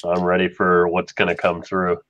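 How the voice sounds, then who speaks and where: A man playing a tabletop game, thinking aloud deliberately. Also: low-pitched, completely flat delivery, fairly bright tone, no echo, muffled recording. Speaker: player. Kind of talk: casual tabletop play.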